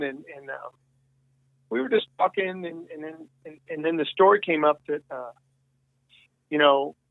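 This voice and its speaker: Male interview guest, rambling storyteller, dry phone-line audio, slightly higher voice. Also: vocal fry, no echo. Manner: rambling, many restarts and quoted dialogue. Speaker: guest musician.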